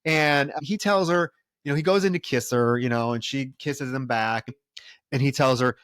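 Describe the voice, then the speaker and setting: A man's voice: mid-range voice, normal speed, a bit bright, clean tone, dry recording, studio quality. A man co-hosting a film podcast, retelling plot scenes in casual chat. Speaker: podcast co-host.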